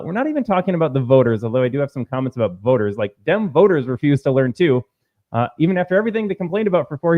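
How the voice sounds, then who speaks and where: A man hosting a political commentary show, talking in a combative, sarcastic way and mocking opponents with put-on quotes. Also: on the high side. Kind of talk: opinion commentary. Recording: phone-like narrow sound.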